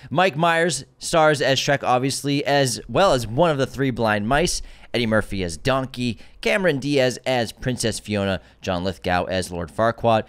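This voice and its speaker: A man's voice: medium pitch, lively intonation, normal speed, few pauses, fairly bright tone, clean tone. A man co-hosting a movie podcast, talking casually and trading teasing banter with his co-host.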